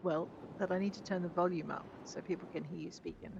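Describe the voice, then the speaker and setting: A woman with a lowish, creaky voice talks quickly in a steady tone, with background noise present. She's playing a video game, joking about herself and talking back to the characters. The recording is dull and lo-fi, with game music.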